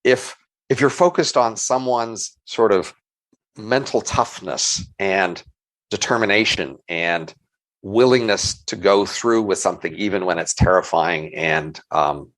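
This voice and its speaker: A man's voice: low voice, measured pace, fairly bright tone, rough recording. A middle-aged man, an economist co-hosting a podcast, talking through ideas in a thoughtful, hedging way and restarting his words often. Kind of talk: casual intellectual conversation.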